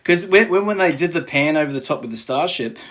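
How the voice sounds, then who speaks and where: A man's voice: a little high, animated, fast talker, fairly bright tone, slight background noise. A man hosting a fan podcast, chatting casually and joking in an upbeat way. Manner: jokey and upbeat. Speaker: podcast host.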